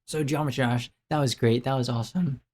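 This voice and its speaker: Young dude rambling on camera, um and like everywhere, mid pitch, keeps restarting himself. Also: male voice, steady tone, fairly quick, darkish tone. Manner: rambling, self-interrupting, many fillers and restarts. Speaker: vlogger. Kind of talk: casual rambling life update.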